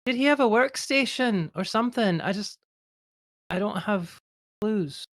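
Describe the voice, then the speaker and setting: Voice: mid-range voice, lively intonation, measured pace. A player voicing a brash young woman who snaps back sarcastically while searching for her boyfriend. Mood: sarcastic. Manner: sarcastic and snappy.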